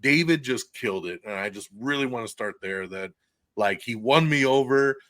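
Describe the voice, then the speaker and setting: Excited man hosting a dry-sounding podcast. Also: medium pitch, moderate pace, no echo. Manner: enthusiastic, swears freely, laughs often. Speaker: podcast host. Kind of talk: casual movie review chat. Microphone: podcast mic, recorded live for video stream.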